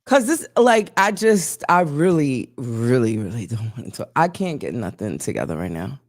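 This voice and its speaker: A woman's voice: extremely low pitch, sing-song, moderate pace, dry recording. Irritated woman co-host venting. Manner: irritated venting, swears freely. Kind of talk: casual live-stream chat. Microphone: boom mic.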